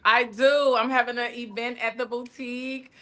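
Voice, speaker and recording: A woman's voice: a little high, little pitch movement, normal speed, pushed and bright. A woman talking candidly as a podcast guest, chatty and open, often calling people "honey". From Miami area. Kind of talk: casual chat.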